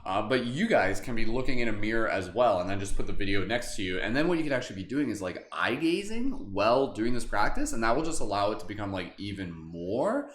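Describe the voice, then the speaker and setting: A man's voice: lowish voice, sing-song, fast, hardly any pauses, a little hiss or hum. A man hosting a live meditation stream, guiding breathing and chatting casually with viewers, with lots of fillers and frequent chuckles. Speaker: meditation livestream host. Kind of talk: guided meditation and live chat. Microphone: webcam livestream setup. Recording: roomy echo, faint ambience.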